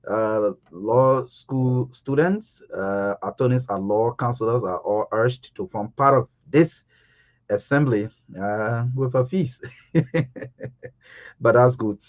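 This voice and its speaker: A man hosting a radio breakfast show, speaking briskly and conversationally. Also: medium pitch, muffled recording. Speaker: radio host. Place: radio studio.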